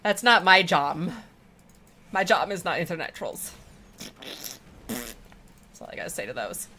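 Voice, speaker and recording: Her voice fairly low, bright and forceful, a woman streamer chats with viewers as she plays, unhurried and sing-song. She rambles along in an affectionate, casual way.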